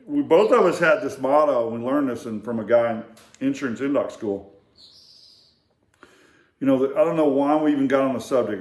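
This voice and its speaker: An older man casually telling family stories, in a rambling, halting way with many fillers and restarts. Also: mid-range voice. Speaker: storyteller. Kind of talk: casual storytelling. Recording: echoey room.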